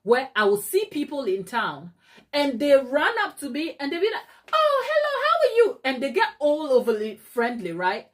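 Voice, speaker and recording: Chatty woman telling a cake story. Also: moderate pace. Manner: chatty, animated, acts out others' lines in a high voice. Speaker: cake maker and channel host. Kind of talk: casual live-stream storytelling. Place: her home kitchen.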